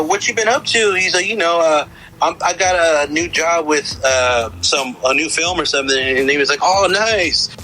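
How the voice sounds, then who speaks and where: A man's voice: a little high, bright, forceful tone, rough recording. A young man co-hosting a podcast, rambling casually about a film, swearing and saying "dude" often. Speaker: podcast co-host.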